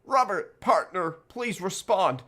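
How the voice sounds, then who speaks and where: A man's voice: high-pitched, animated, slow, bright, forceful tone, pitched above the performer's own voice, exaggerated voice. A man voicing a stubborn male police partner calling urgently over the radio, with game music behind. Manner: urgent, pleading.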